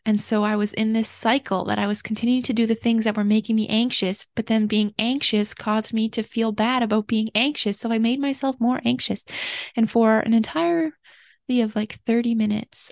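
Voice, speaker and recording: A woman's voice: a little high, steady tone, normal speed, gravelly, no room sound. Earnest woman podcaster, dry close sound. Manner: earnest, gentle, openly confessional. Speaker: podcast host. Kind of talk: personal reflective monologue.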